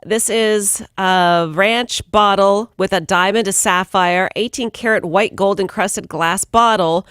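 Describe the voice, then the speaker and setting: Brisk woman radio co-host, dry studio. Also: mid-range voice, fairly bright tone, clean tone, dry recording. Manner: brisk, reads headlines then jokes. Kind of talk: morning radio banter, reading news items.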